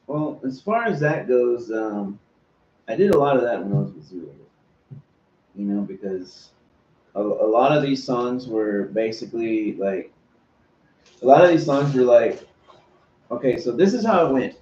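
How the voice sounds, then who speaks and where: A man who plays bass, a guest on a podcast, telling stories and doing goofy voices. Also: moderate pace, long pauses, reverberant, muffled recording, slight background noise. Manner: animated storyteller, does goofy voices. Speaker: guest musician. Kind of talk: casual podcast chat.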